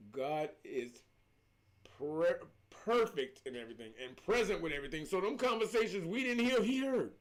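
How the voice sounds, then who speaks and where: A middle-aged man, speaking in a fairly high voice. He talks casually on a livestream as a spiritual coach, and he preaches with emphasis and repeats his points. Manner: emphatic, preachy storytelling with repetitions.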